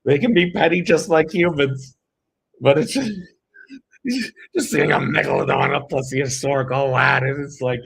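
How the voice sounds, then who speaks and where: A man's voice: mid-range voice, normal speed, gravelly, fairly bright tone, slight background noise. A man from New England, co-hosting a podcast and giving rambling, self-interrupting commentary while reading an article. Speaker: podcast co-host.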